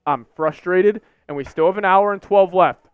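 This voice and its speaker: A young man with a high, smooth voice rants on a live stream, repeating his complaints in frustration. The sound is dry and a little dull, like lo-fi stream audio with faint music behind him. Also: moderate pace, dry recording. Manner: frustrated, repetitive ranting.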